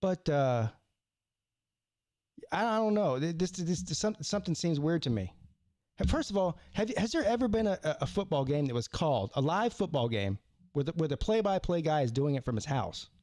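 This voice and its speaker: Excitable, rambling man hosting sports talk. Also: on the high side, normal speed, no echo, studio quality. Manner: animated, rambling, many restarts. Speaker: sports talk show host. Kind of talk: live call-in sports talk.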